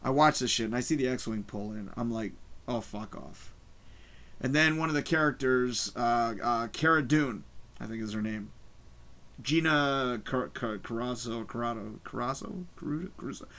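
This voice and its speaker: A man hosting a live stream from his home, ranting excitedly about a show, swearing constantly and shouting at the big moments, his mic distorting when he gets loud. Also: mid-range voice, moderate pace. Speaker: livestream host. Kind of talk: excited live review rant. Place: home room, early morning.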